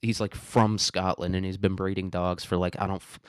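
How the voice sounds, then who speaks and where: Young guy ranting at home, swears a ton, laughs a lot, lowish voice, clean and dry sound. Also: little pitch movement, brisk, clear, resonant tone, no room sound. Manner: profane, rambling, laughs often. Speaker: podcast host. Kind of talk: casual ranting monologue.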